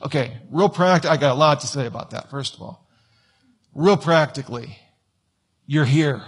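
Husky-voiced man preaching a sermon. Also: fairly high pitch, normal speed. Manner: conversational, acts out whiny quoted voices. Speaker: pastor. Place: church.

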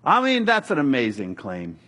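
Middle-aged male pastor, husky voice, casual animated preaching with humor. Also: medium pitch, normal speed. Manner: conversational, animated preaching with jokes and acted quotes. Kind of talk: sermon.

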